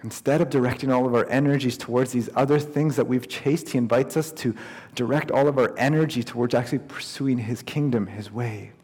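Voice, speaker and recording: A man's voice: medium pitch, brisk, darkish tone, slightly rough. A man delivers a sermon in an easy, storytelling manner, his voice sitting in a middle register. The sound carries the long reverb of a large hall. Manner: storytelling, conversational preaching. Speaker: pastor.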